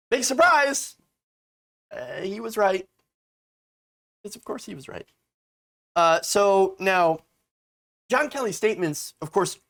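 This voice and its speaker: A man hosting a casual political commentary video, talking in a sarcastic, animated way with lots of fillers. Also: fairly high pitch.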